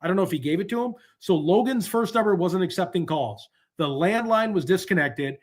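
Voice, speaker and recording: A man hosts a live stream and rambles to his viewers while he looks things up. His voice sits a little on the high side. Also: animated, brisk. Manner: rambling, talks to chat while searching online. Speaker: livestream host. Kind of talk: casual livestream chat.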